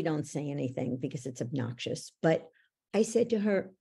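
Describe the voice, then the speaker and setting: A woman with a dark, gravelly voice sits low in her range as a podcast guest. She speaks slowly and emphatically, like a parenting educator telling stories. Her tone is husky rather than clear. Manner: emphatic storyteller, acts out voices in anecdotes. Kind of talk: conversational podcast interview.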